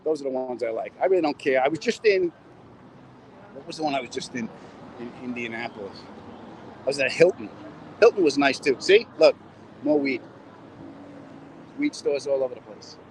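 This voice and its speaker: Strolling through the city, a middle-aged comedian rambles and wisecracks on his live stream, reading out comments from viewers on his phone. He speaks at medium pitch and moderate pace with lively intonation and frequent pauses, on a low-quality recording with slight background noise.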